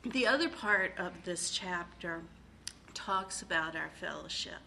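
Middle-aged woman, slow, bright voice, emotional recovery share with many fillers. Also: fairly low pitch, animated, vocal fry, a little hiss or hum, low-quality recording. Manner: halting, full of fillers and repeated phrases; emotional, tearful at times. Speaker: recovery meeting speaker. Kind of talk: personal share at a recovery meeting.

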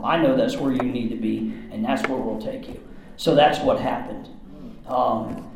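A man telling a candid personal story in rough, profane, run-on bursts. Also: mid-range voice, a little mellow, a little hiss or hum. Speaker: storyteller recounting his past. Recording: very echoey room.

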